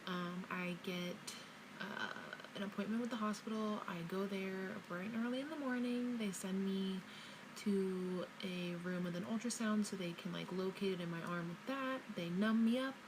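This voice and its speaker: A woman's voice: mid-range voice, normal speed. A young woman telling a story in parts to her phone camera, emphatic and swearing freely. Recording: noisy phone recording.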